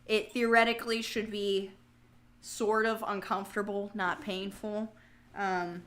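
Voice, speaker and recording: A young woman hosting a casual livestream, chatting, joking and answering viewer comments as she goes. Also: medium pitch. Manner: laughs easily, jokey asides. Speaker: livestream host.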